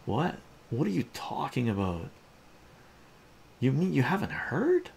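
A man's voice: mid-range voice, wildly swooping pitch, a little slow, gravelly, a little mellow, a little hiss or hum, pitched above the performer's own voice, full character voice. A man voicing a bewildered young man in a raised, questioning voice.

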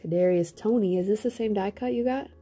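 A woman's voice: medium pitch, a little fast, warm tone, slightly rough, soft background music. A woman co-hosting a card-opening video with her husband, reading card names out and teasing him in casual chat. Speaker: co-host, host's wife.

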